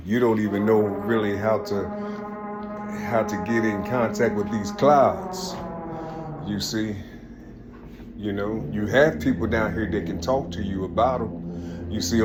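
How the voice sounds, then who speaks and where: A low-voiced man rambles through a preachy spiritual monologue at home, circling back to the same phrases again and again. Loud music plays behind him the whole time. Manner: repetitive, preachy, keeps saying "you see"; grows louder and more fervent. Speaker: vlogger. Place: home kitchen.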